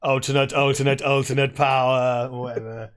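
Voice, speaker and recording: A man's voice: medium pitch, flat delivery, brisk, a loud crowd. A man chatting casually over a film on a lavalier mic, rambling, swearing and laughing often. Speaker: film commentary host. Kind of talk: casual watch-along chat.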